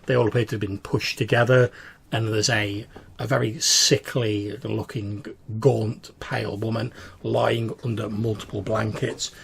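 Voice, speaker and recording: A man's voice: fairly low pitch, little pitch movement, a little slow, gravelly, slight background noise. A man narrating a tabletop game as game master, describing scenes with frequent fillers. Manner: descriptive, with many fillers and restarts.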